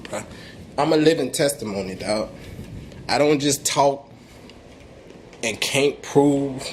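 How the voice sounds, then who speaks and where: A man's voice: medium pitch, a little hiss or hum. A young man talking in casual slang, preaching in an emphatic way about faith and perseverance, with frequent restarts. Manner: emphatic, slangy street talk with repeated restarts; preachy, testifying tone. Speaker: vlogger. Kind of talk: motivational faith talk to camera.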